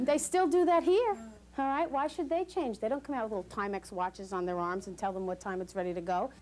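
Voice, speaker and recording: A woman leading a postpartum class for new parents, talking in an animated way, acting out quoted voices and laughing often. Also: high-pitched, a little fast. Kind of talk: lively educational talk to new parents. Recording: hissy 1980s VHS recording.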